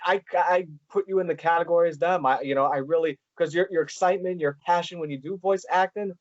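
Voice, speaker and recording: Male podcast host, halting and eager, dull lo-fi sound. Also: a little high, fairly even intonation, no echo. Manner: halting, many "like" fillers and restarts. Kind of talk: casual interview chat.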